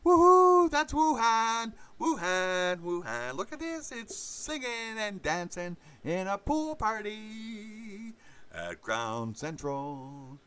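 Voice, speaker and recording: A man voicing a giddy man cheering about a party, in a high, mocking tone. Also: sing-song, slow pace, bright, forceful tone, clean tone, heavily acted. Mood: gleeful mocking.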